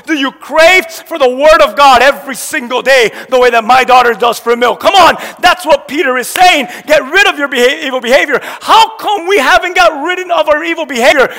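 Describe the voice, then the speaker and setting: A man's voice: very high voice, pushed and bright. A man preaching a sermon as a pastor, throwing questions at the congregation and waiting for them to answer. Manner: emphatic call-and-response questioning. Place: church sanctuary. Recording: long hall reverb.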